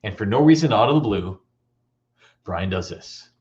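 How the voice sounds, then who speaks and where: A man giving a motivational talk, telling comic stories in an animated, playful way. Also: on the low side, normal speed, lo-fi sound. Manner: animated storytelling, playful and teasing. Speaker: motivational speaker.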